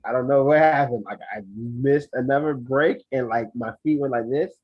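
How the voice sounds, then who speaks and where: A man's voice: mid-range voice, normal speed, breathy edge, dry recording. Guy on a podcast telling a story, kinda muffled, dry close mic. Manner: animated, profane storytelling that acts out his own lines. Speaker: podcast co-host. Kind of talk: casual storytelling chat. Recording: dry, dull lo-fi sound.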